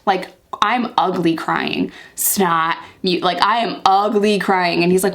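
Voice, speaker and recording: A woman's voice: lowish voice, fairly even intonation, unhurried. A young woman in a casual story-time vlog, talking candidly and emphatically and repeating herself for emphasis. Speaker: vlogger telling her life story.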